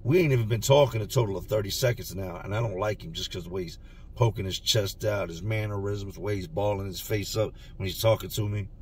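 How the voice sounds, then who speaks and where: Slangy man telling a story, low voice. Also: quick pace, far from the mic, slight background noise. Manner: street slang, animated retelling with quoted dialogue. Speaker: storyteller recalling prison time. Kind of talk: casual storytelling vlog.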